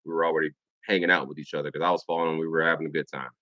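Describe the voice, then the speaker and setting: A man's voice: a bass voice, flat delivery, very fast, no room sound, lo-fi sound. An American man and Air Force veteran telling a profane personal story in a casual vlog monologue, mimicking other people's lines as he goes. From United States.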